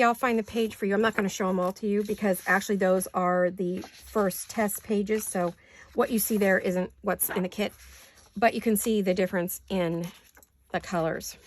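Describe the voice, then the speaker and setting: A woman hosting a crafting video in her home studio, chatting casually and gushing over each page with repeated words of praise. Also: mid-range voice. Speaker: crafting channel host. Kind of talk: casual show-and-tell chat.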